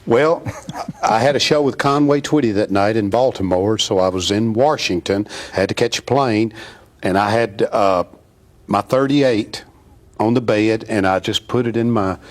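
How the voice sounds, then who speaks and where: A middle-aged man, a singer telling anecdotes as a guest on a talk show, folksy and laughing as he acts out the people in his stories. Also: fairly low pitch. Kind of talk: casual storytelling.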